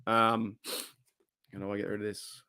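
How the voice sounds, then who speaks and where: A man's voice: lowish voice, level tone, takes it slowly, pushed and bright, slight background noise. An Australian man hosting a casual livestream, chatting, laughing often and reading out viewer comments. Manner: chatty, laughs often, reads chat aloud. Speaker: livestream host.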